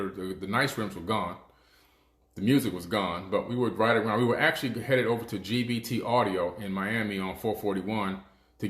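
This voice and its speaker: A man's voice: fairly low pitch, fairly bright tone, echoey room. A man in his fifties, a show host, telling stories in a casual, conversational monologue. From United States. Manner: conversational storytelling, frequent restarts.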